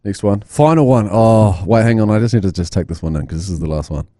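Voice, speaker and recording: A man's voice: on the low side, fast, warm tone, no echo, clean studio sound. A man, co-hosting a sports podcast in blunt, sweary casual banter. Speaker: podcast co-host.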